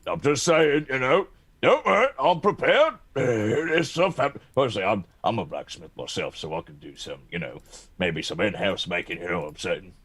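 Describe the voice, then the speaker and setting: A man playing a tabletop game with a husky voice that swings up and down a lot. He jokes and rambles, hopping between in-character talk and asides. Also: on the low side, normal speed. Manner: jokey, rambling, lively. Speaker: player.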